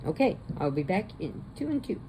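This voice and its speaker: A woman's voice: lowish voice, big pitch swings, brisk, dark tone, a little hiss or hum. A woman vlogger casually recapping a movie, rambling and chatty, laughing often.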